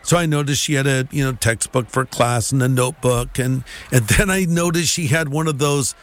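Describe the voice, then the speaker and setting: A pastor telling his personal testimony in an animated way, acting out the dialogue. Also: mid-range voice, normal speed.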